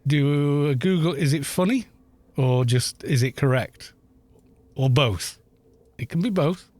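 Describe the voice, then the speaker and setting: A man's voice: on the high side, a little slow, darkish tone, dry recording. A man from Wales chatting casually on a gaming live stream, rambling, laughing often and swearing at the game.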